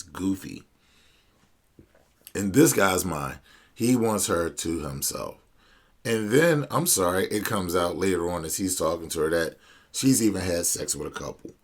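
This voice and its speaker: A man's voice: sits low, lively intonation, a little slow, husky. A male podcast host retelling a client's story in casual, blunt, slangy commentary, quoting both sides of the conversation.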